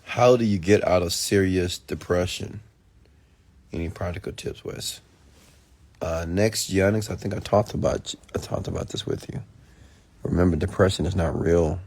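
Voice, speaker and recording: Late at night, a man who works as an entrepreneur and mentor delivers a blunt, profane motivational rant, preaching at his viewers and mockingly imitating whiny voices. His low, darkish voice moves at normal speed with no echo.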